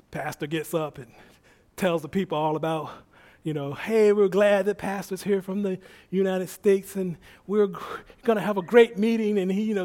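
A man with a high voice preaches by telling a story. He acts out each person he quotes and laughs often, rising to shouts at the peaks. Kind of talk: sermon storytelling.

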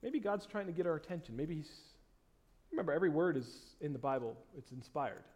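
High-voiced pastor preaching with swings. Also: male voice, expressive, husky. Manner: dramatic swings between loud emphasis and quiet asides; reads scripture aloud with slowed, stressed phrases. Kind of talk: sermon.

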